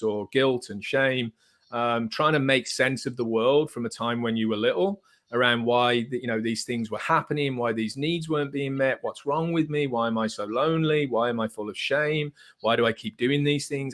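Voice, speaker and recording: A man speaking as a psychotherapist guest on a podcast, calmly and methodically explaining therapy concepts. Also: medium pitch.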